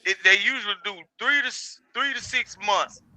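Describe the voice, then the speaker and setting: A man on a live call-in panel who talks loudly and at length in a monotone and keeps pushing his point over others. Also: sits high, moderate pace, no echo, low-quality recording. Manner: monotone delivery; loud.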